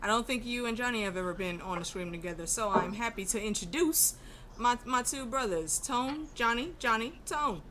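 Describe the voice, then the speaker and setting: A woman hosting a casual group stream, lively and teasing, quick to laugh. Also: on the high side, noisy background. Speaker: stream host.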